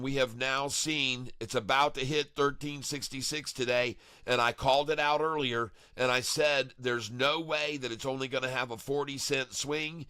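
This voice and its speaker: A man's voice: medium pitch, clean tone, no echo, clean studio sound. A man hosting a live day-trading stream, chatting in a rambling, showy way and hyping his viewers. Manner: chatty and showy, chuckles often, hypes viewers as "ladies and gentlemen". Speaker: livestream day-trading host.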